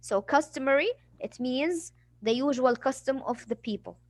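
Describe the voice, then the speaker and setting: A woman's voice: sits high, normal speed, no echo. Female English teacher, patient and explanatory, dry close recording. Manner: patient explaining, acts out examples. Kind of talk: classroom vocabulary lesson.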